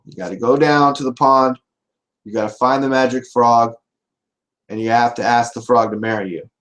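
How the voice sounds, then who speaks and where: Guy doing a voodoo witch doctor from the swamp, just flatly giving orders. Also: medium pitch, normal speed, close to an everyday voice, low-quality recording. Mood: instructing.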